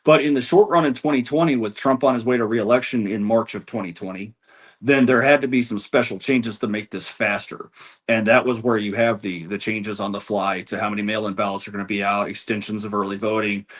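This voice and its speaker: Male guest, low register, data-driven answers with frequent restarts. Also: fairly even intonation, brisk. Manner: rattles off statistics, frequent restarts. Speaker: guest, election data analyst. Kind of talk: interview answers.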